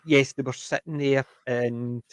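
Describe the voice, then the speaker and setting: A man's voice: mid-range voice, fairly even intonation, unhurried, dry recording. A man co-hosting a TV review podcast, chatting casually and retelling scenes in a rambling way with many restarts. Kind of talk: casual chat.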